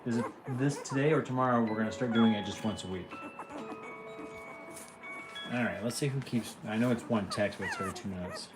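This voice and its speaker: A woman's voice: a bass voice, fairly quick, pauses often, music in the background, low-quality recording. A woman chatting casually at home while tending a litter of puppies, cooing and scolding them between remarks. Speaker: co-host, puppy breeder. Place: indoors at home, by a puppy pen. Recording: loud puppy whimpering behind. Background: puppies whining and whimpering.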